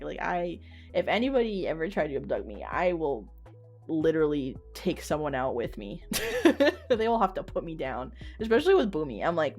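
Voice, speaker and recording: A young woman streamer chats through a story in a loose, rambling way, packing her sentences with "like" and dropping casual swear words. Her voice sits a little on the low side for a woman. Soft music plays faintly underneath. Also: very animated, normal speed. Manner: rambling, many "like" fillers, swears freely. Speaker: VTuber streamer.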